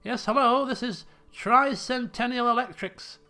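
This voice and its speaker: A man's voice: very high-pitched, measured pace, pushed and bright, faint music behind, pitched above the performer's own voice, full character voice. A man voicing a fragile, trembling woman on the phone. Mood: bright. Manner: trembling, close to tears.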